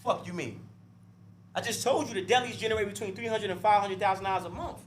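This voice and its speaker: Blunt, preachy man with a high voice. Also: fast, a little hiss or hum. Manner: blunt, profane and preachy, with frequent "right?" and "you see?"; repeats and restarts words when fired up. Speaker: interview guest. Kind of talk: heated podcast discussion.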